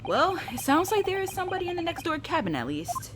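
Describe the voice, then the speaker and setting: Chatty female let's-player thinking aloud, animated pitch, with steady background noise. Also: quick pace. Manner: chatty, musing aloud, giggly. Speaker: let's play gamer. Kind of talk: casual game commentary.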